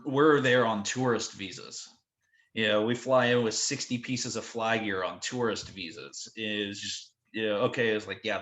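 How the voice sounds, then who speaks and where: A man's voice: lowish voice, fairly bright tone, reverberant. A man who works as a touring drum tech, telling a story as a guest in casual chat, rambling with lots of "like" and quoted asides.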